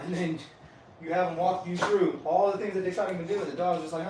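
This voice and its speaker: A man's voice: fairly high pitch, fairly even intonation, quick pace. A man working as a dog trainer, chatting in laid-back slang while he trains dogs and talks to viewers. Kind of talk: live-streamed training session chat. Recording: echoey room, off-mic, noisy.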